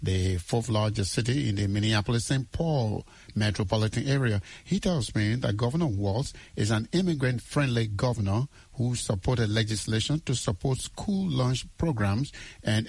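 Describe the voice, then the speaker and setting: A male reporter reads his news script crisply in a dry, close booth. His voice is husky. He keeps an even, scripted delivery. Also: medium pitch, moderate pace, dry recording. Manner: crisp read narration.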